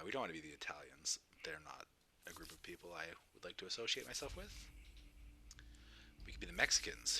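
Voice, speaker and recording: Tired man streaming a game, low voice. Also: sharp tone, slight background noise, rough recording. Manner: mumbly, thinking aloud. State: tired, yawning. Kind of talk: casual game commentary. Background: game music.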